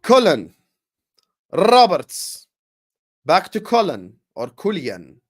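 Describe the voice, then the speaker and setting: A young man hosting a live football watchalong, chatting with viewers and calling the play with slangy, excitable banter. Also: high voice, takes it slowly. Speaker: watchalong streamer.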